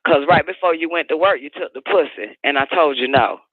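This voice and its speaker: A man's voice: on the high side, fairly quick, no echo, lightly acted. A man voicing a furious woman who rants and curses scornfully at her partner, over a phone-like radio line. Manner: profane, shouting, scornful rant.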